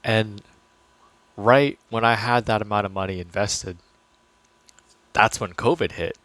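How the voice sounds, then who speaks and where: A man's voice: on the low side, measured pace, fairly bright tone, dry recording. A man talking casually about investing to his viewers, chatty and loose, full of fillers and restarts. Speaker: finance vlogger. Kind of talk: casual talk to camera.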